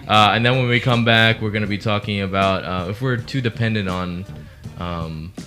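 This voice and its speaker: Male radio host, low-pitched, bright tone, joking banter. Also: moderate pace, faint music behind. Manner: joking, talks up a deep "radio voice". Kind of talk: casual radio chat.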